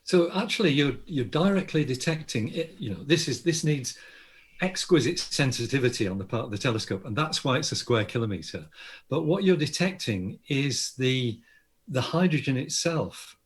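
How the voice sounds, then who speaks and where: A man's voice: medium pitch, lively intonation, moderate pace, breathy edge. An older Australian man, an astronomer guest, explaining science enthusiastically in an interview with frequent restarts. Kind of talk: interview conversation.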